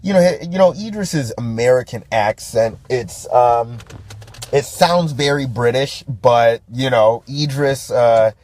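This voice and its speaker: A man's voice: medium pitch, unhurried, a little mellow. A man hosting a podcast, ranting about a movie in profane, casual commentary, laughing often and restarting his sentences. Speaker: podcast host.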